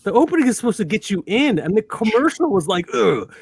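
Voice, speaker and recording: A man hosting a casual chat in an animated, opinionated and jokey way. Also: high voice, fast talker, husky, no room sound. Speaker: podcast host.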